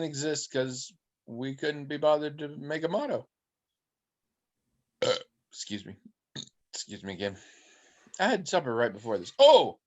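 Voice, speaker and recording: Slow and somewhat high-pitched, with long pauses, this man's voice comes through with the highs cut off. As a podcast co-host, he tells meandering, lively stories in a casual chat, imitating voices as he goes.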